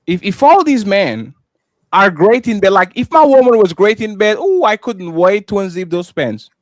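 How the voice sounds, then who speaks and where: A man's voice: high voice, lively intonation, moderate pace, no echo, studio quality. A man hosting a live-stream talk show, playful and teasing, apologizing in a joking way. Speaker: host.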